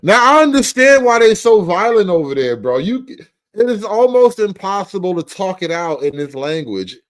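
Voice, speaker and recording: A man hosting a comedy commentary show, profane and mocking, stretching out names slowly. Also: high-pitched, sing-song.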